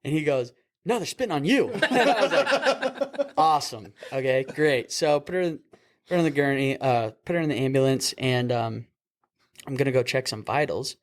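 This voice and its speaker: A man's voice: mid-range voice, moderate pace. A young man, a paramedic, casually telling a work story over beers, laughing and acting out the voices of the people in it. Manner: animated, acts out voices in his stories, laughs often. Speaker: paramedic podcast host.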